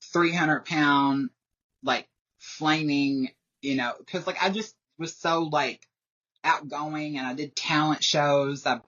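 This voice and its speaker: A woman with a low, slightly bright voice speaks slowly and steadily as a podcast guest, rambling casually, saying "like" constantly and laughing often. The recording is dull and lo-fi.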